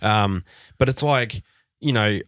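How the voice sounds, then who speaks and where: A man's voice: on the low side, slow, a bit bright, no echo, studio quality. A man hosting a podcast in loose, casual chat, swearing easily. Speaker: podcast host.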